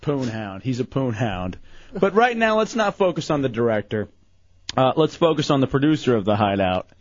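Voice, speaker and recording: Joking, lively-voiced radio host man. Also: mid-range voice, normal speed, dry recording. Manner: joking, laughs often. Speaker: radio talk show host. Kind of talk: casual radio banter. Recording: dry, slightly dull studio mic.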